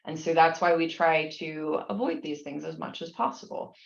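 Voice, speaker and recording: A woman's voice: low-pitched, moderate pace, vocal fry, roomy sound, dull audio. A woman explaining nursing exam questions, reading each one aloud and then walking through the answers patiently, with frequent restarts.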